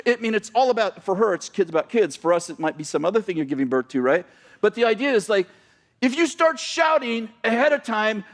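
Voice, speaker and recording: A male pastor preaching a sermon in a church, animated and excitable, often breaking into loud shouting and laughing at himself. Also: high voice, brisk. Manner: animated, reads scripture then paraphrases loudly.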